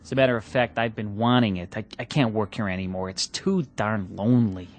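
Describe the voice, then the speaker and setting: A man's voice: on the low side, fairly quick, lightly acted. A man playing a frank, weary factory technician who talks in a plainspoken, exasperated way. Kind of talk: 1960s radio drama acting.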